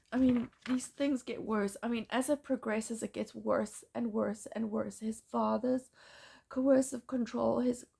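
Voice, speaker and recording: Woman, gravelly and a bit high, distraught halting vlog monologue. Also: mellow. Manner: distressed, pleading, often halting. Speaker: mother in a custody dispute. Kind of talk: emotional personal monologue.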